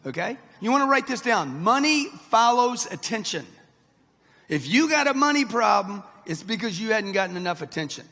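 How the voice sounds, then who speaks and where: A brash man in his sixties delivers a motivational speech in a high, husky voice. He talks straight at the audience in short, punchy lines. His voice rings out through a large hall with a long reverb. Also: big pitch swings, moderate pace, pushed and bright. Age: 60s. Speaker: motivational speaker.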